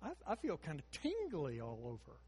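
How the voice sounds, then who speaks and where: A man's voice: a little high, huge pitch swings, moderate pace, a little mellow, breathy edge, exaggerated voice. A male preacher voicing a woman patient in a hospital bed who pleads and then exclaims. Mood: excited.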